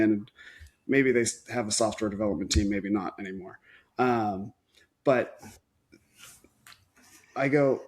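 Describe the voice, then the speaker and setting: Thoughtful man thinking out loud. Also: on the low side. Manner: thoughtful, thinks aloud with restarts. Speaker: agency owner. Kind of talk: casual podcast conversation.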